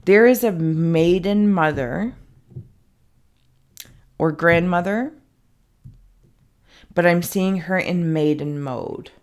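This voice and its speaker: A woman's voice: on the low side, slow, long pauses, a little mellow. A woman giving a casual psychic reading, rambling and thinking aloud with many fillers and some self-mocking asides. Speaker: psychic reader. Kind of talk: casual spoken intuitive reading.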